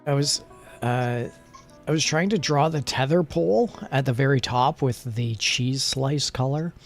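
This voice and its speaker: A man chatting casually on a relaxed stream, rambling and joking at his own expense. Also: medium pitch, measured pace, faint music behind. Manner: rambling, playful, self-mocking.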